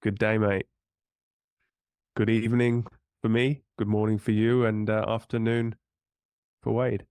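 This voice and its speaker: A male podcast host speaks in a lowish, fairly monotone voice. He is friendly but halting, leaning on fillers as he chats. The recording is dry and close. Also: clean tone, no echo. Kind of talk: casual interview chat.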